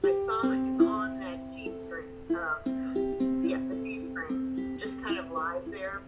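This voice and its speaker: A woman's voice: mid-range voice, very animated, slow, over loud music, rough recording. A woman student in an online ukulele class asking a hesitant question with many fillers. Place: home, video call.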